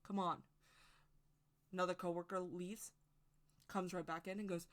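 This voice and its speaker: A woman's voice: fairly low pitch, flat delivery, normal speed, long pauses. A woman giving a casual, rambling opinion monologue to camera as a witchcraft video creator, speaking emphatically and straight to her viewers.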